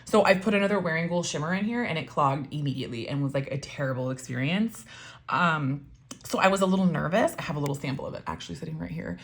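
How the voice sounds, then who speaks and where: Low, gravelly woman chatting about pens. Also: animated, fast. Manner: chatty, enthusiastic, many fillers. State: voice getting froggy. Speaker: pen and ink vlogger. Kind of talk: casual show-and-tell while writing.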